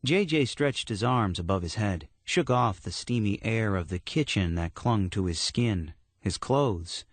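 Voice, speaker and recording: A man narrates a horror audiobook in a measured, steady style. His voice sits low and moves slowly. The sound is close and dry. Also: no echo.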